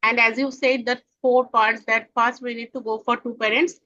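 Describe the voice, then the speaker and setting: A woman's voice: a little high, level tone, normal speed, bright, forceful tone, dull audio. A woman asking a trainer a question in an online session, hesitant and full of fillers. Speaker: trainee teacher.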